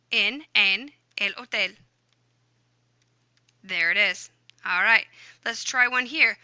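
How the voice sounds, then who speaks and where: A woman's voice: medium pitch, bright, forceful tone, no room sound, rough recording. A woman teaching a grammar lesson over a screen recording, upbeat and chatty, talking through each step aloud. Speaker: Spanish teacher.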